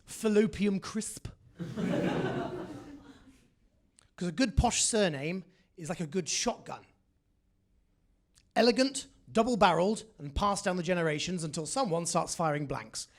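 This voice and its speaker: Self-mocking posh English comedian. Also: male voice, sits high, unhurried, pauses often. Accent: English upper-class. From England. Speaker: stand-up comedian. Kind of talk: stand-up comedy set. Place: comedy club stage.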